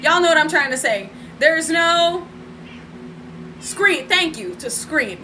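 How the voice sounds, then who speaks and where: A chatty woman tells a story on a home live stream, laughing and turning to her viewers as she goes. Her voice sits high and sounds bright and sharp. A faint hum of the room sits underneath. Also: lively intonation, slow pace, poor audio. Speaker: spiritual vlogger.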